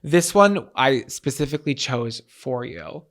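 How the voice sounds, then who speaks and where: A man's voice: mid-range voice, expressive, unhurried. A young adult man co-hosting a podcast, chatting playfully and casually with lots of fillers. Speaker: podcast co-host. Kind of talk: casual comedic chat.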